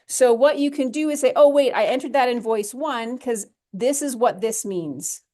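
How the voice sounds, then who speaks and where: A woman music theory instructor talking through a software lesson step by step in a chatty, self-correcting way. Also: on the high side, moderate pace. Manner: chatty, talks through steps as she clicks, self-correcting. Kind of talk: recorded screen-share lesson.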